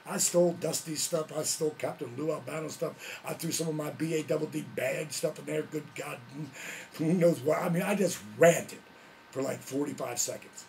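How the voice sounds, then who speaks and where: Gravelly, animated male storyteller. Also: a little high, normal speed, slight background noise. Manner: animated, laughing often, lots of slang. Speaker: vlog host, former wrestler. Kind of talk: casual storytelling.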